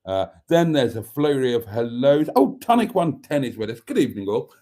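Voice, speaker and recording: Guy reading viewer comments on a phone live stream, theatrical, calls everyone darlings, pitch swoops all over. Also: sing-song, moderate pace, dark tone. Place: at a table indoors. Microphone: phone camera.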